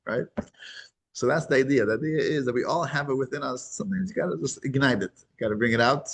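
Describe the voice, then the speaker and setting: A man teaching a weekly class to a small group. He talks in a halting, casual way with many restarts and grows animated when he tells a story. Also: mid-range voice, vocal fry.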